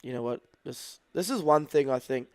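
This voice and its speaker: A man co-hosting a rugby podcast, measured and analytical, talking through tactics at length. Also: medium pitch, no echo. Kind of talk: live watch-along sports podcast chat.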